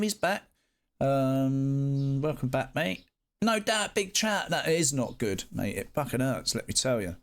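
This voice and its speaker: Guy streaming, chatting to his viewers, swears a fair bit, mid-pitched everyday voice. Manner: chatty, greets viewers warmly, swears casually. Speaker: live streamer. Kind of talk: casual chat reading live chat.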